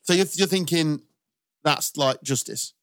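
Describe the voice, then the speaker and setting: A man's voice: on the high side, a little slow, a bit bright, no echo, studio quality. A man hosting a casual football podcast chat, bantering and laughing often. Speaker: podcast host.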